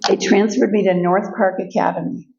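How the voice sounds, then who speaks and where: An older woman speaking as a guest speaker, telling personal stories in a lively way and acting out the voices of the people in them. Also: mid-range voice, normal speed, vocal fry, highs cut off, a little hiss or hum. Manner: lively storytelling, acts out quoted voices. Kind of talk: personal storytelling talk. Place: event room.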